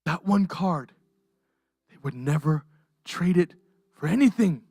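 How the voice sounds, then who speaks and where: An emotional pastor delivers a sermon, with the voice swinging widely in pitch. The delivery climbs to impassioned peaks and then falls to near-whispers. The sound is dry and close. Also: lively intonation, slow, breathy edge, dry recording. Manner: impassioned, swings from raised intensity to hushed softness. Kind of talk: livestreamed sermon. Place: church.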